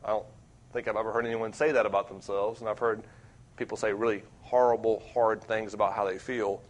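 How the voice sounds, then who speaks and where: A man's voice: on the low side, flat delivery, fairly quick. Earnest young male campus preacher. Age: young adult. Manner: earnest, self-deprecating, wide swings in loudness. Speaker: campus minister. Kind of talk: sermon.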